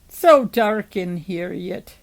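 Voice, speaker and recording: A woman's voice: lowish voice, lively intonation, slow, gravelly, full character voice. A woman voicing a gleeful, simple young backwoods woman who speaks in a folksy dialect with drawled words.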